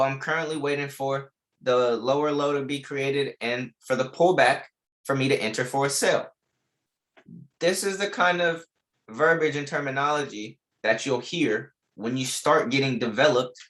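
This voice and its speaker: A man's voice: mid-range voice, a bit bright. A young man teaching a live online trading class, repeating key lines with emphasis and casual slang. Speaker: trading instructor.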